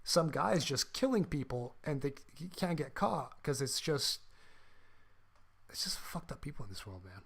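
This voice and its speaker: A man co-hosting a casual podcast with a fairly high voice, talking through a film in an animated way. He swears freely and acts out snippets of dialogue. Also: moderate pace, gravelly, slightly rough. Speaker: podcast co-host.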